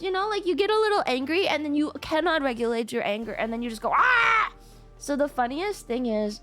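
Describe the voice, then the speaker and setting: A woman streamer chatting casually and telling stories with lively acted-out quotes and frequent laughter. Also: sits high. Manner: animated storytelling, acts out quotes, frequent laughter. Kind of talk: casual livestream chat.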